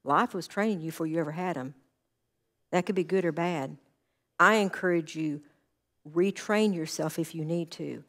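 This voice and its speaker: A woman with a slightly low voice speaks from the church platform as a counselor. She is earnest and conversational, and she tells stories from her counseling work, slipping into the voices of the people in them. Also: normal speed, long pauses. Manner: earnest, anecdotal, acts out quoted dialogue. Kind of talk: conversational sermon talk.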